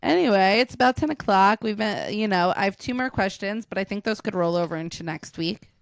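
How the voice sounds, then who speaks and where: A woman's voice: mid-range voice, expressive, a little fast, vocal fry. A woman co-hosting a casual comedic podcast, laughing often and keeping the others in line. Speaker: podcast co-host.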